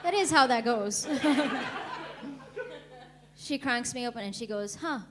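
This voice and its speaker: A young woman from India performing a stand-up comedy set, deadpan and laughing at her own jokes. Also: on the high side, a little slow. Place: comedy club stage.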